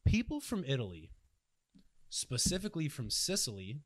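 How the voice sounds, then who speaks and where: A man's voice: mid-range voice, wildly swooping pitch, normal speed. A young man from Canada co-hosting a casual podcast, ranting with lots of swearing and mock voices. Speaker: podcast co-host. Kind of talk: casual chat.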